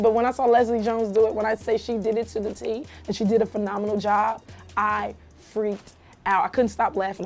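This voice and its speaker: A young woman with a fairly high voice tells stories in a casual interview. She is a comedian, lively and laughing easily, and she acts out what her family said. Light music plays faintly behind her. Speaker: actress and comedian being interviewed.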